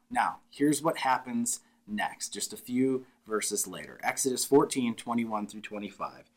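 A man's voice: medium pitch, expressive, unhurried, hardly any pauses. A man preaching a sermon, retelling a scripture story with vivid, dramatic voices for the people in it. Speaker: pastor.

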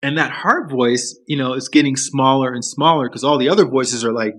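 A man speaking as a podcast guest, explaining ideas in an earnest, steady, reflective way. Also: medium pitch, fairly quick, few pauses. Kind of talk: reflective interview talk.

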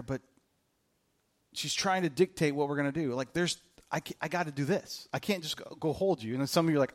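A man preaching a conversational sermon to his congregation in church, earnest and direct, repeating his key questions. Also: mid-range voice. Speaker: pastor. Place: church service before a congregation.

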